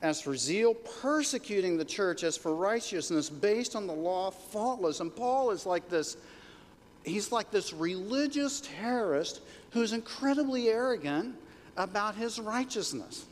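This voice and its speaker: A middle-aged man preaching a sermon as pastor, animated and joking, leading the congregation in call-and-response. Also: high voice, a little slow. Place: church hall. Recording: reverberant hall with faint noise.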